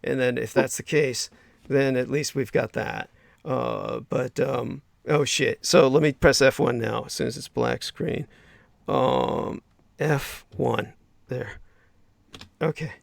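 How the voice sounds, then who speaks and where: A man's voice: medium pitch, steady tone, takes it slowly, gravelly, dry recording. A man hosting a casual livestream, effusive and rambling with many fillers, reading chat messages aloud. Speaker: livestream host.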